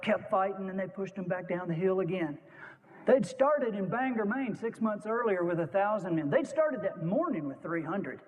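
A man with a high voice tells a dramatic story to a room, punching out short, vivid lines and acting out the quotes. His voice carries a long reverb, as though he is speaking in a large hall. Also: darkish tone, lo-fi sound. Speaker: speaker telling a war story.

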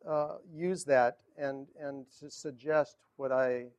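A male pastor preaching a sermon in a halting way, searching for his words with many fillers. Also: medium pitch, fairly even intonation, darkish tone.

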